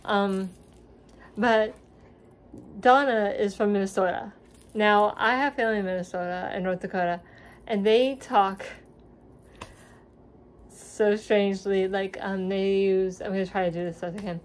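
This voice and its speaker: A woman's voice: mid-range voice, steady tone, normal speed. A young woman at home talking casually in a vlog, rambling with many fillers as she runs through a TV series. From grew up in the US South after moving from Seattle at five. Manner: chatty, rambling, many ums and likes. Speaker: vlogger reviewing a TV series. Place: at home with her dog nearby.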